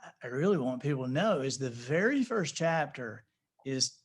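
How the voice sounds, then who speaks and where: A man telling stories as an author guest in a casual interview over a video call, lively and fond of slipping into impressions. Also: mid-range voice, normal speed. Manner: lively storyteller, dips into voice impressions.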